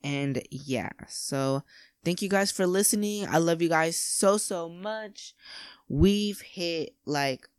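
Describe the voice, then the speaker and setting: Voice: mid-range voice, slow pace, smooth, dry recording, studio quality. A podcast host chatting casually and effusively to listeners, with lots of "like" as filler. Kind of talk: casual solo podcast chat.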